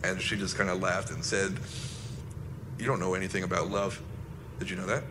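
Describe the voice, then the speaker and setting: A man, a former soldier recounting an incident in a halting, reflective personal monologue. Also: sits low, fairly even intonation, noisy background.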